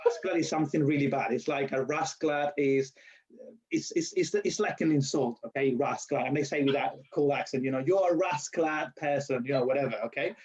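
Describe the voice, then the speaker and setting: Here the same Spanish-accented man, a university lecturer and nurse being interviewed, speaks briskly in a mid-range voice with a breathy edge. He brings his stories to life by performing the quotes, laughing a lot, and frequently starting sentences over to fix them. The audio has a dull, lo-fi quality.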